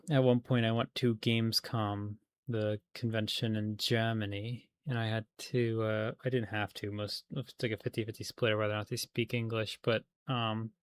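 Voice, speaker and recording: A man's voice: mid-range voice, clear, resonant tone. A man chatting casually on a livestream while he plays a game, rambling with many fillers and restarts.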